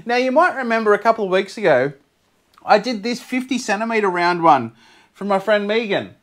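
An Australian man, excitable and quick to laugh, chatting casually to camera as a fluid art vlogger. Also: high-pitched. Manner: excitable, laughs often, bursts into shouts.

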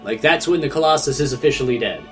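A man with a medium-pitched voice speaks fast, guiding a friend through a video game in casual let's-play banter. He's animated and chatty, restarts often, and game music plays in the background.

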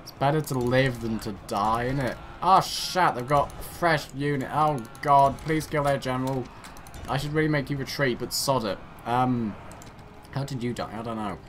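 A man's voice: medium pitch, a little slow, a bit bright, a little hiss or hum. A man giving rambling, self-mocking commentary while playing a strategy game and talking to his units. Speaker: gaming channel host. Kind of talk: let's play commentary.

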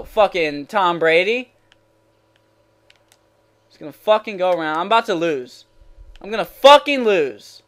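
A young man commentates his video game match live, cursing nonstop and bouncing between furious yells and low grumbling. His voice sits high and bright, clear and clean, with a slow, drawn-out delivery. Keys clack faintly behind him. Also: lively intonation. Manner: swearing, swinging between raging shouts and muttering. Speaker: gaming channel host.

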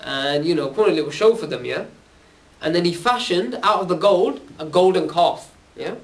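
A man with a fairly high, animated voice gives an informal religious talk to young people at a normal pace. He tells stories casually and conversationally, ending nearly every phrase with a questioning "yeah?". He is recorded at a distance from the mic.

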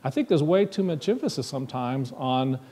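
A man's voice: mid-range voice, expressive, a little fast, mellow, slightly rough. A man preaching a sermon in a church, talking conversationally and asking the congregation questions. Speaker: minister. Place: church sanctuary.

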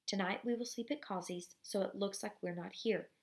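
A stern, worried father of a family voiced by a woman reading a storybook aloud speaks in flat, clipped orders. The voice has a gravelly creak and no great change from the reader's own. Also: medium pitch, normal speed, close to an everyday voice.

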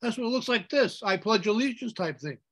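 A priest leads an informal Bible study in a bright, high voice. He is animated, slipping into chanted liturgical phrases and putting questions to the group. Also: a little fast.

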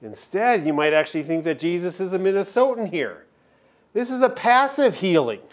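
A man, preaching a sermon as chaplain, earnest and emphatic with dramatic pauses. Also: high-pitched, lively intonation.

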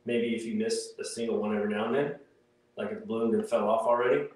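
A man's voice: lowish voice, steady tone, fast, a little mellow. A man co-hosting a livestream, reading viewer comments aloud and joking in casual chat. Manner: joking, laughs at himself. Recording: distant, very echoey room.

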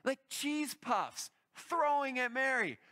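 A male pastor preaching a sermon, telling the story in an animated, vivid way. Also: extremely high pitch, slow pace.

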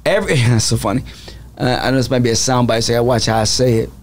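A man's voice: medium pitch, steady tone, fast talker. A man who is an actor and comedian, telling stories as a guest in a casual interview with a dramatic, self-aware manner.

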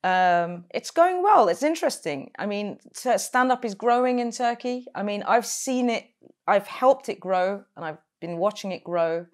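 A woman's voice: mid-range voice, lively intonation, normal speed. A woman who grew up in London, a comedian chatting casually in an interview, rambling with fillers and self-deprecating jokes. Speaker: comedian guest.

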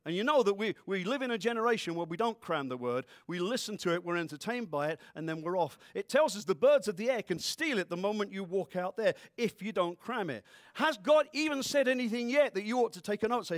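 A man preaching to his congregation in a lively, joking way. His voice sits high and swings widely up and down. The sound is dry and close, with no room echo. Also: quick pace. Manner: animated preaching with playful voices and asides. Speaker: pastor. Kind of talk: sermon.

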